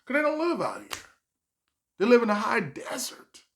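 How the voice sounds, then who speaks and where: A man's voice: extremely high pitch, wildly swooping pitch, normal speed, a little hiss or hum. A man, a stand-up comedian, telling a rambling personal story with restarts and self-corrections. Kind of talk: casual storytime vlog.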